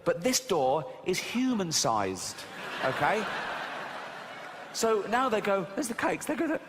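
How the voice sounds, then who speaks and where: A man's voice: high-pitched, sing-song, takes it slowly, big-room sound, noisy background. A man in his forties with an English accent doing a stand-up comedy routine, ranting with mock indignation and giggling at his own jokes. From England.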